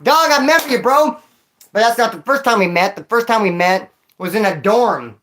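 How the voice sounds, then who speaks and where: A man's voice: high-pitched, lively intonation, moderate pace, fairly bright tone. A man who was in prison chats casually on a livestream, telling stories in slang and talking straight to a viewer. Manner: slangy, storytelling, addresses a viewer directly. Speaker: former prisoner streamer reading chat. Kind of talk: casual livestream chat and storytelling.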